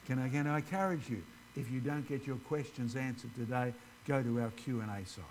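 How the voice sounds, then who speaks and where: A man's voice: mid-range voice, a little fast, a little mellow, slight background noise, low-quality recording. A man giving an informal ministry presentation, chatting directly with his audience. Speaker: creationist ministry speaker.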